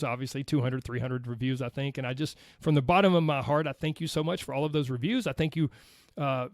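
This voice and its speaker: An upbeat, chatty Southern American man from the United States hosts a solo podcast, talking directly to his listeners. His voice sits on the high side, and the recording is dry and studio quality.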